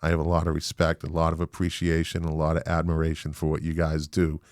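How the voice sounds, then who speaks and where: A man with a Boston accent hosting a podcast interview, animated and emphatic, with casual swearing. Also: a bass voice, fast talker, no echo, clean studio sound. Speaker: podcast host.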